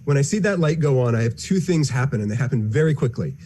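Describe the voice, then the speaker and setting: A man's voice: mid-range voice, expressive, fast talker, warm tone. A man in an interview, talking about engineering and the future with earnest enthusiasm. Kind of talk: interview answers.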